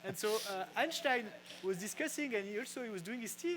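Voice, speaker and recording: High-voiced man with a French accent. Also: lively intonation, background noise. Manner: halting, many fillers and restarts. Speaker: physicist explaining brewing science. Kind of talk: casual lecture. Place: brewery.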